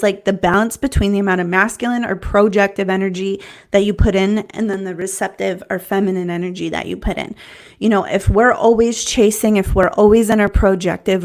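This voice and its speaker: A woman business coach giving an earnest, conversational talk, often restarting phrases and checking in with "right?". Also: mid-range voice. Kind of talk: teaching talk to camera.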